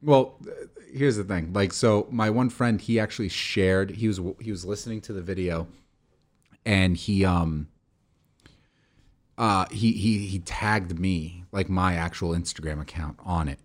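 A young man co-hosts a casual podcast chat, rambling and cursing freely as he goes. His voice sits a little low, and he restarts his sentences often. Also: a little slow. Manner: rambling, profane, with many restarts and fillers. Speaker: podcast co-host.

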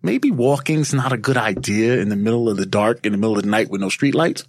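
Husky man telling a story. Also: on the low side, fast talker, dry recording. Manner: animated, laughing, acts out his own past lines. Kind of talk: casual storytelling among friends.

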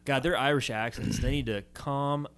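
A man's voice: medium pitch, fairly even intonation, a bit bright, clean tone. A male podcast co-host giving blunt opinions in casual chat, restarting sentences and leaning on "like". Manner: blunt, halting restarts, frequent "like".

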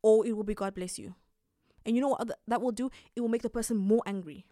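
A young woman hosting a podcast, giving calm, emphatic advice and laughing often. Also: a little high, very fast, dry recording, clean studio sound. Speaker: podcast host.

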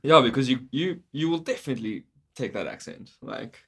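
A man's voice: mid-range voice, lively intonation, fairly quick, a bit bright, slightly rough. A man co-hosting a casual podcast chat, laid-back and laughing, with lots of "like" in his speech.

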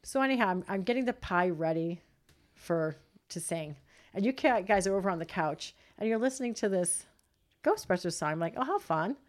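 A woman's voice: on the low side, fairly quick. A middle-aged woman, a mother co-hosting a casual family chat, telling a story with lots of laughter. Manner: animated storytelling with frequent laughter. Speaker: co-host, mother.

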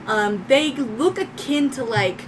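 A woman running a tabletop game, describing the scene in a loose, descriptive flow with plenty of fillers. Her voice sits a little high. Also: slow, noisy background. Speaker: game master.

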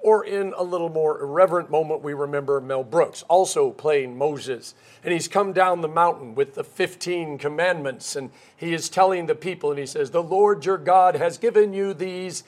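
A man's voice: a little high, normal speed, few pauses. A man preaching a sermon, telling stories and acting out quoted characters along the way. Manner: storytelling, acts out quoted characters. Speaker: pastor.

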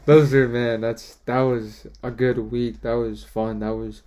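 A man's voice: medium pitch, flat delivery, unhurried, a little mellow. A young man co-hosting a podcast, chatting casually and laughing as he reminisces about school days. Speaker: podcast co-host. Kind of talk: casual chat.

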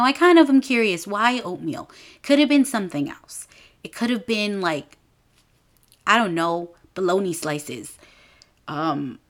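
A woman's voice: lowish voice, a bit bright. A young woman hosting a casual podcast, chatting animatedly as she retells a movie scene by scene. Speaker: podcast host. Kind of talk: casual movie recap chat.

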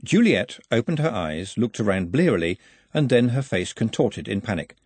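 Husky-voiced male storyteller. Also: on the low side, normal speed, dry recording. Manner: expressive storytelling. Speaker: audiobook narrator. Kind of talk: scripted narration.

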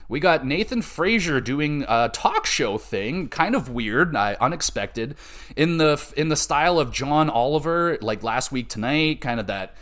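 A man's voice: on the high side, animated, measured pace, fairly bright tone. A man hosting a solo podcast, recapping a show in a loose, chatty manner with plenty of swearing. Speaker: podcast host.

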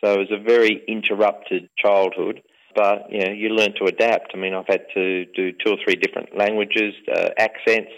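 A middle-aged man with an Australian accent, a football club owner, answering interview questions in a relaxed, rambling way with many fillers. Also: fairly low pitch, moderate pace, dull audio. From England. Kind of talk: conversational interview.

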